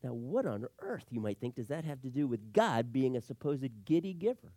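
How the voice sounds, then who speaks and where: Animated middle-aged man preaching a sermon. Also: medium pitch, moderate pace, dry recording, clean studio sound. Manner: animated, swinging from loud emphasis to hushed asides. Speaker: pastor.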